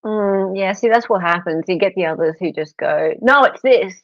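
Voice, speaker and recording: A woman from Australia hosts a relaxed stream, chatting and teasing between comments. The sound is close and dry, with a slightly dull, lo-fi quality. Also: fairly low pitch, normal speed, no echo. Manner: chatty, teasing, laughs often. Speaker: stream host. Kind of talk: casual live-stream chat, reading comments aloud.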